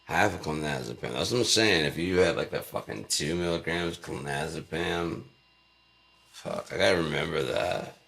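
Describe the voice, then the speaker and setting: A man's voice: extremely low pitch, moderate pace, creaky, fairly bright tone. A man vlogging in a rambling, profane, joking monologue.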